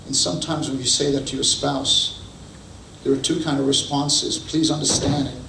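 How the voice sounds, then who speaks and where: Pastor preaching in an echoey hall. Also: male voice, medium pitch, flat delivery, moderate pace. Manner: storytelling, acts out quotes. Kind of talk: sermon. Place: church hall. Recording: echoey hall, distant mic, faint noise.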